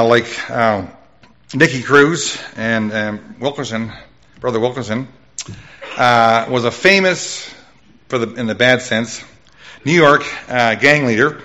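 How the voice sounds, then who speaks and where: A middle-aged man preaching his life testimony with a loud voice, telling his story with lively jumps in pitch. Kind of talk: testimony sermon.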